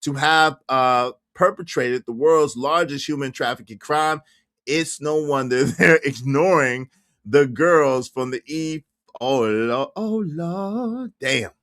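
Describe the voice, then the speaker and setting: Man, livestream host, excitable, laughing, repeats himself, bright forceful voice, dry close sound. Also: on the high side, slow pace, no echo. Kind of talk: reaction livestream commentary.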